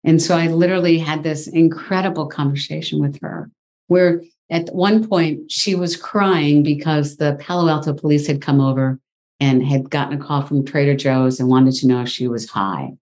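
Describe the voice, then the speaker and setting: A woman guest in an interview, telling a personal story in a lively, exclaiming way. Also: low voice, moderate pace. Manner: animated, exclaims often.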